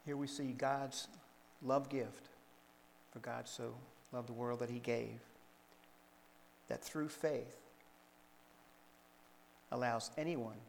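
A man preaching a sermon, reading scripture aloud in a measured way and explaining it to the congregation. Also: mid-range voice, steady tone, vocal fry, in a large hall, a little hiss or hum, rough recording. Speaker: pastor.

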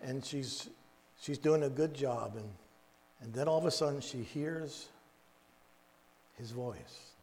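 A man preaching in a storytelling way, halting and repeating words, with folksy asides. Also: mid-range voice, a little mellow. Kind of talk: storytelling Bible teaching. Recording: long echoey reverb.

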